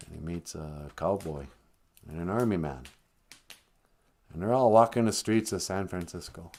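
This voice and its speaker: A man telling a comic story on a live stream, rambling with deadpan asides. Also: deep voice, moderate pace.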